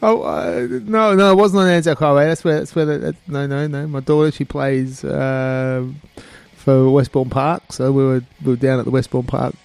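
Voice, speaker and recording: Gravelly Australian radio host. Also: male voice, mid-range voice, steady tone, moderate pace, no room sound. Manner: laid-back, chuckling, loose banter. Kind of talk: casual radio chat. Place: radio studio.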